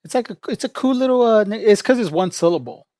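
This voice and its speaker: A man's voice: sits high, expressive, quick pace, warm tone, no echo, clean studio sound. A man livestreaming in a casual, rambling chat, joking with viewers, laughing often and calling people "bro".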